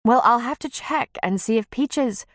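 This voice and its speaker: A woman's voice: fairly high pitch, measured pace, dry recording, clean studio sound, pitched above the performer's own voice, close to an everyday voice. Woman voicing a flustered, apologetic bride-to-be. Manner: flustered, defensive. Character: anxious, apologetic young bride-to-be.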